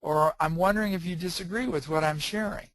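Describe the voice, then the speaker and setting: A man who is an author and trainer, telling stories in a lively way and acting out the quoted dialogue. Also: fairly high pitch, fairly quick, poor audio. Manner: animated storyteller, acts out quoted dialogue. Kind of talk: storytelling talk.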